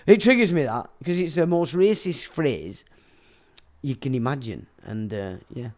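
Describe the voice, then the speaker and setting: A man's voice: medium pitch, animated, measured pace, darkish tone. A man, hosting a casual livestream, reading viewer comments and ranting crudely with a lot of swearing. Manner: laughs while talking. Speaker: livestream host.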